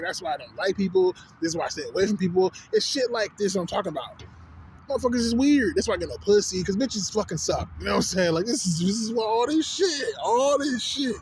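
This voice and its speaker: Brief: high, quick-talking man, profane animated street rant, outdoors with faint city noise. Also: low-quality recording. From Texas. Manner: profane, animated storytelling with slang fillers. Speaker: vlogger. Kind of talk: casual rant to camera.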